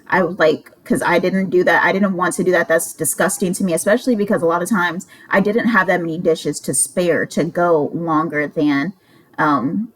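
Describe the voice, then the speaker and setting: A woman's voice: on the low side, poor audio. A woman in her twenties telling a roommate story in a casual, rambling way, exasperated and swearing freely. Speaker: vlogger.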